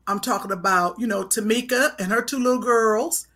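A woman's voice: a little high, normal speed, a bit bright. A woman co-hosting a podcast, talking casually and expressively, teasing her partner. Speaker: podcast co-host. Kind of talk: casual comedic chat.

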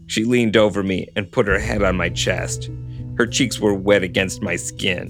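A man with a fairly low voice reads a story aloud in a steady first-person narration, pausing for dry asides. Plucked guitar music runs clearly beneath him. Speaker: podcast host reading a novel aloud. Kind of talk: storybook reading with casual commentary.

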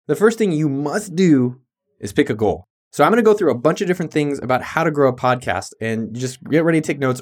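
A man's voice: mid-range voice, darkish tone. A man hosting his own podcast in a hyped, jokey, casual monologue with some cussing. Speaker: podcast host.

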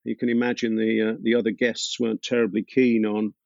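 A man being interviewed as a musician, telling stories thoughtfully with many pauses and fillers. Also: on the low side, flat delivery, creaky, a little mellow, dry recording. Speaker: musician guest. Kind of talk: relaxed interview storytelling. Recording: dull, dry lo-fi sound.

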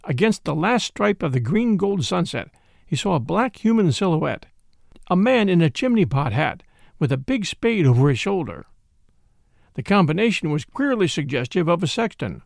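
Gravelly, expressive male storyteller. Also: fairly high pitch, dry recording, clean studio sound. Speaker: narrator. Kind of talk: scripted audiobook narration.

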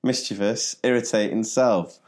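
A man's voice: fairly low pitch, fairly even intonation, unhurried. A man, a teacher co-hosting a podcast, telling classroom stories in a dry, joking way. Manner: dry storytelling, laughs at own jokes. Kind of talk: casual storytelling chat.

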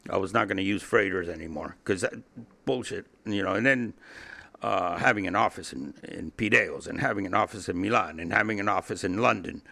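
Gravelly, profane older man telling stories. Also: deep voice, fairly quick, sharp tone. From Cuba. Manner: blunt, profane, laughs often, repeats himself. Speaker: interview guest. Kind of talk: candid storytelling in a podcast interview.

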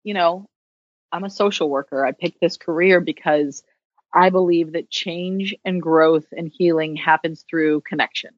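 On the low side and unhurried, this woman keeps a steady tone while speaking as a podcast guest. She's a social worker, chatty and candid with self-deprecating jokes in a casual interview; the recording is muffled but has no echo.

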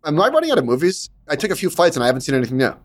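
A middle-aged man chats on his podcast at a brisk clip. He gets animated and protests when teased, his pitch jumping up. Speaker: podcast co-host. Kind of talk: casual chat.

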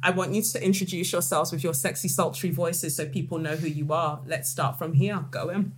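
A woman's voice: fairly low pitch, fairly even intonation, fairly quick, a little hiss or hum. A woman from England hosting a podcast, exuberant and teasing, chatting with guests. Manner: exuberant, teasing, loud bursts of laughter. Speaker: podcast host. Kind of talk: lively group chat with laughter. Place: room with a group of guests.

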